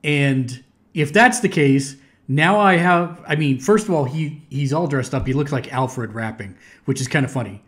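A man's voice: on the high side, normal speed. A middle-aged American man hosting a reaction video, chatting casually with frequent restarts. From United States. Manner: chatty, restarts sentences, laughs easily.

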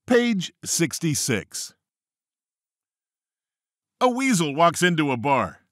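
A man narrating an audiobook of jokes, reading them aloud playfully and jumping up in pitch for the quoted characters. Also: sing-song, slow pace, long pauses, fairly bright tone, dry recording, studio quality. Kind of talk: reading a joke book aloud.

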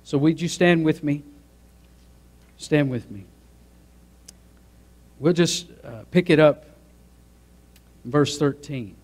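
Higher-voiced man preaching a sermon. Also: slow pace, long pauses, a little mellow. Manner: preaching with rising emphatic build-ups and audience prompts. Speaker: pastor.

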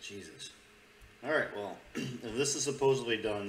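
A man's voice: lowish voice, very animated, normal speed. A male host giving casual, sarcastic commentary on news clips and swearing freely. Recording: roomy with faint noise.

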